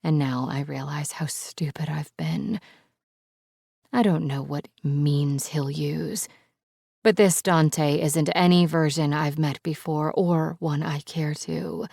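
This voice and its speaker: Slow, gravelly female audiobook narrator. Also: low-pitched, fairly even intonation, a little mellow, no room sound, studio quality. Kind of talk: scripted first-person audiobook narration.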